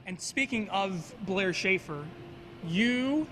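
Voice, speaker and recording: A man's voice: high voice, lively intonation, takes it slowly, fairly bright tone, a little hiss or hum. A man working as a sports anchor, upbeat and enthusiastic at the news desk.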